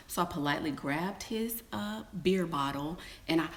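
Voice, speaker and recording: Woman vlogger, lower pitch, chatty storyteller who acts out quotes in squeals and whispers. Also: moderate pace. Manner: chatty, addresses viewers as y'all and girl. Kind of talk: casual storytelling to viewers.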